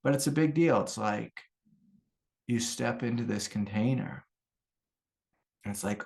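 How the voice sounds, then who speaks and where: A man's voice: medium pitch, a little slow, vocal fry, long pauses, darkish tone. A middle-aged American man, a meditation teacher, giving an informal, rambling spiritual talk full of anecdotes and fillers. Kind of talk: casual spoken satsang talk.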